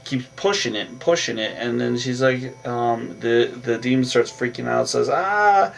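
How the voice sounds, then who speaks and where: A man's voice: mid-range voice, fairly even intonation, moderate pace, gravelly, recorded from a distance. A man casually recapping a movie plot in a rambling way, with lots of fillers and restarts. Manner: rambling, filler-heavy retelling with repeated "on that". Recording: voice from away from the mic with faint music.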